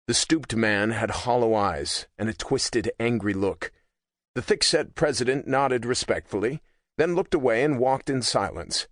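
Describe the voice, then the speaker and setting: A man reading a thriller audiobook in a measured storytelling voice. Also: mid-range voice, fairly bright tone, no echo, clean studio sound. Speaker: audiobook narrator. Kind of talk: scripted narration.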